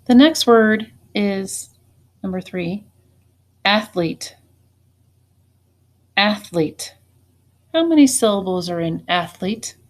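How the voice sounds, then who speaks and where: A woman teacher giving a spelling test, saying each word slowly and deliberately and then saying it again. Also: mid-range voice, animated. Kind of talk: slow spelling dictation.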